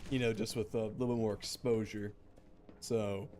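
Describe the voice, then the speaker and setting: A man's voice: fairly low pitch, little pitch movement, normal speed, dark tone. Wry young man commenting on gameplay. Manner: wry, joking, with mock-grand commands. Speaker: streamer.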